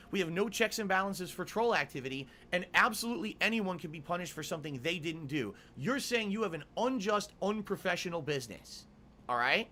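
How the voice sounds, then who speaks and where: A man's voice: high voice, sharp tone, slight background noise. A middle-aged male streamer ranting angrily to his viewers, swearing and repeating his demands. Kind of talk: angry rant to camera.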